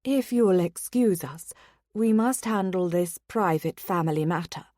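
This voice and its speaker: A woman reading a stern, dignified noble mother in a measured, firm voice in an audiobook. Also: lowish voice, a little mellow, no room sound, studio quality, lightly acted.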